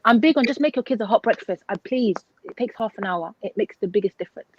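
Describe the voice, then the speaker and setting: Fast-talking woman on a dull line. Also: medium pitch, a little hiss or hum. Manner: emphatic, advice-giving. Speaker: teacher, co-host. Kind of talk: casual chat. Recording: dull lo-fi sound.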